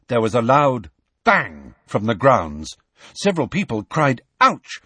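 Husky, expressive man reading a story. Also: medium pitch, dry recording. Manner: expressive, measured. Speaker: audiobook narrator. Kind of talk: scripted narration.

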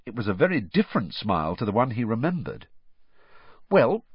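Male audiobook narrator, husky, lively pitch, expressive storytelling. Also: quick pace, dry recording. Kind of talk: scripted narration. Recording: dry, slightly muffled.

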